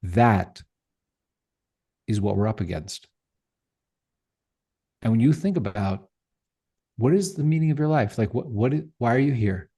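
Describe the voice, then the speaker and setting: A middle-aged man gives an animated podcast interview, pressing his points with emphatic rhetorical questions. His voice is husky and breathy at the edges, with a warm, mellow tone at an average pitch. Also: unhurried, pauses often. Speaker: podcast guest, tech founder.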